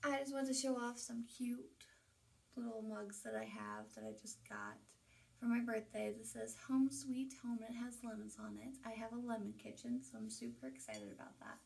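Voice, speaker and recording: A woman's voice: a little high, lively intonation, normal speed, creaky, darkish tone, recorded from a distance. A woman hosting a casual home vlog, talking chattily and enthusiastically at home as she shows things off. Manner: chatty, enthusiastic, with fillers and asides. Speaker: host. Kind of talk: casual home vlog, showing items to camera. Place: at home, indoors.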